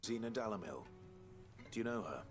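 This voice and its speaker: An actor playing a brooding, bitter male video game hero with a deep, tough, reserved delivery. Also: lively intonation, normal speed, husky, faint music behind.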